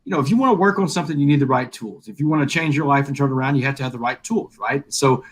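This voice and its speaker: A man's voice: medium pitch, very fast, husky. A middle-aged man, a guest in a live interview, telling a personal story and acting out the dialogue. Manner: animated storyteller, acts out quoted dialogue.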